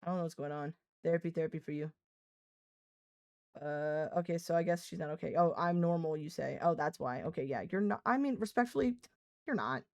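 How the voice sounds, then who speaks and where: A woman's voice: deep voice, brisk, a little mellow, no room sound. A young woman streaming live, chatting casually, laughing often, swearing freely and scolding her cat mid-sentence.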